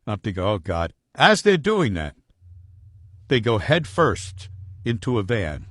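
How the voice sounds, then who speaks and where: A man's voice: mid-range voice, huge pitch swings, measured pace, a bit bright, husky, no echo, studio quality. A man telling a story casually in a blunt, profane way.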